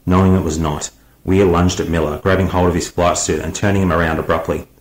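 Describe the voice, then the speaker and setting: A man narrating an audiobook in a measured, unhurried reading. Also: deep voice, fairly even intonation, roomy sound, a little hiss or hum, rough recording.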